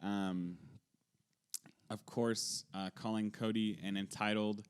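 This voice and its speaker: A man's voice: lowish voice, fairly even intonation, takes it slowly, smooth. A man co-hosting a podcast, chatting casually and cracking offhand, wry jokes. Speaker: podcast co-host. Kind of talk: casual chat recapping wrestling.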